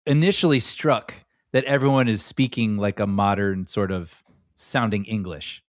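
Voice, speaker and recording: A man co-hosting a movie podcast in casual chat, agreeable and quick to laugh. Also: on the low side, no room sound, clean studio sound. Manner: expressive, laughs easily, agreeable. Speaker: podcast co-host.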